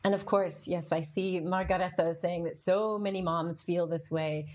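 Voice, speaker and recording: A middle-aged woman with a fairly low voice tells her own story on a podcast. She talks candidly and with feeling, and she answers the comments of her live audience as she goes. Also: steady tone, moderate pace, darkish tone. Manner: candid and emotional, with frequent fillers. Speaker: podcast host.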